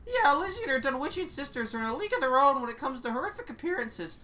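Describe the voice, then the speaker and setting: Woman doing a brisk, chipper lore guide. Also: high voice, very animated, sharp tone, pitched above the performer's own voice, full character voice. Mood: explaining.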